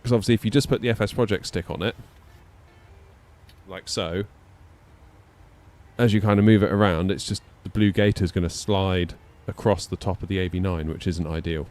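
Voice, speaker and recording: A man's voice: sits low, fairly even intonation, normal speed, long pauses, a little mellow. A man chatting casually on a live stream, rambling with many fillers and little laughs. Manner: rambling, hesitant, lots of fillers and self-deprecating laughs. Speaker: flight sim streamer.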